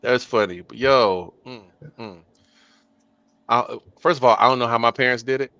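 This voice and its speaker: A man's voice: mid-range voice, moderate pace, no room sound. Joking man on a dry muffled mic. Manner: joking, teasing, loud bursts. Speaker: podcast co-host. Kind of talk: casual chat.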